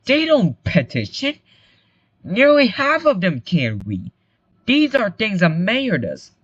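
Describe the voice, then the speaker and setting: A man's voice: sits high, huge pitch swings, takes it slowly, no room sound, muffled recording, voice pushed up, heavily acted. A man voicing a blunt, sarcastic mercenary who lectures in an exasperated way.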